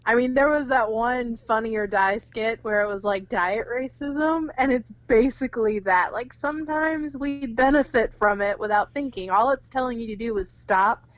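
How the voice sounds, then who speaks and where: Young woman, podcast co-host, animated, cursing, dull dry audio. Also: fairly high pitch, normal speed, few pauses, dry recording. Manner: animated, swears freely, laughs often. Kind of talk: casual film discussion.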